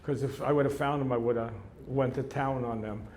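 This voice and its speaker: A man's voice: mid-range voice, fairly even intonation, brisk, darkish tone, roomy sound, slight background noise. A man being interviewed onstage, telling blunt, profane stories. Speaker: interview guest. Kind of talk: onstage conversation. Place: live event before an audience.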